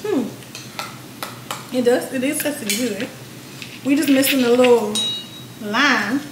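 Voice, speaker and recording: A woman's voice: sits high, slow pace. Venting casual woman vlogger. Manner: candid, venting, swears freely. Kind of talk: casual vlog chat. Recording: roomy echo, faint room noise.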